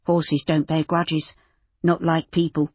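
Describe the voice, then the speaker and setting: A bitter, despairing young man with a low, husky voice, voiced by a woman narrator. He speaks slowly and flatly, and the recording sounds dry and a little dull. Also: no echo, heavily acted. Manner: slow, flat and weary.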